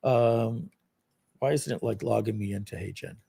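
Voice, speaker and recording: A man hosting a live product launch stream, walking viewers through a software demo in a casual, rambling, self-deprecating way with lots of fillers. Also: fairly low pitch, moderate pace, creaky, husky.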